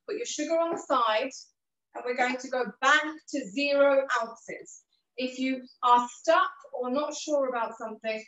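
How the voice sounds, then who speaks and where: A woman's voice: high voice, fairly bright tone, echoey room, far from the mic, poor audio. A woman teaching a live online cooking class, giving patient, encouraging step-by-step instructions, with a cough and a bit of throat trouble. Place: kitchen.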